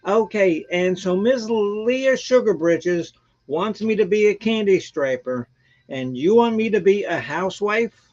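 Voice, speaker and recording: High-voiced man in chatty livestream. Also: a little slow, lo-fi sound. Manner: rambling and animated, laughs often. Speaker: host of a live music stream. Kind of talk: casual chat.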